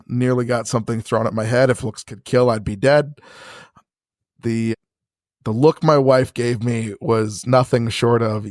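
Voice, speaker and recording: A man's voice: mid-range voice, fairly even intonation, unhurried, darkish tone, no echo, studio quality. A man co-hosting a casual podcast, telling stories in a frank, profane way. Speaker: podcast co-host.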